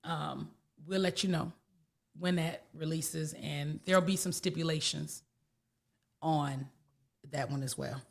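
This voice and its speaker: A woman's voice: low voice, fairly even intonation, unhurried, vocal fry, pauses often. A woman spiritual teacher, talking casually in a blunt, folksy way and repeating herself for emphasis. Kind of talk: casual talk.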